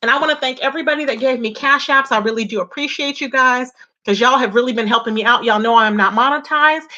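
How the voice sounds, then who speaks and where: Chatty high-voiced woman vlogging gossip. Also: fast, sharp tone, muffled recording. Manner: chatty, repetitive, addresses viewers as "child" and "y'all". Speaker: YouTube commentator. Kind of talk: casual gossip vlog.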